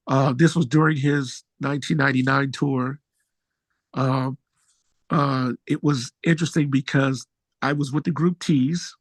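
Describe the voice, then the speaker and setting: A slightly slow middle-aged man, a musician, shares stories casually in an interview recorded with no room sound. He brings the anecdotes to life by acting out what people said, his voice jumping widely in pitch.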